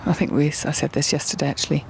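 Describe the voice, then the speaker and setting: A woman with a slightly gravelly voice gives a casual running commentary while she films outdoors on a wet, windy day. She talks in a chatty way and keeps calling encouragement to the horse. There is faint background noise. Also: sits low, steady tone, fast talker, a little mellow. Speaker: filming and commentating at a horse event.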